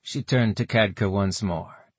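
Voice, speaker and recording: A man reading a fantasy novel aloud as narrator, steady and measured. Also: fairly low pitch, husky, no room sound. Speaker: audiobook narrator.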